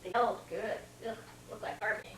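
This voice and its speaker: A woman's voice: mid-range voice, steady tone, brisk, slight background noise. An older woman reads a storybook aloud to a small child, stopping to comment and ask him questions. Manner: breaks off to comment and quiz the child. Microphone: camcorder mic across the room. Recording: old VHS home video, roomy and distant.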